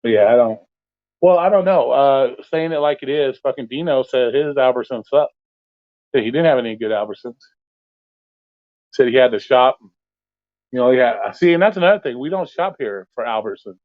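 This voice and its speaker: A man's voice: medium pitch, animated, normal speed, no echo. A blunt man holds forth in a loose, profane rant as host of an open call-in stream. His voice comes through a thin, phone-like line. The sound is dry and close, with no room around it. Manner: blunt, swears constantly, rants. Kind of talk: casual profane chat.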